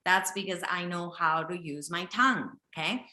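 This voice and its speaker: A lowish, pushed and bright voice at normal speed, heard with reverb, belongs to an intuitive health reader hosting a live reading for one participant. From Japan and a native speaker of Japanese, she has a slight accent. Her manner is direct and insistent, punctuated by frequent "okay?" check-ins.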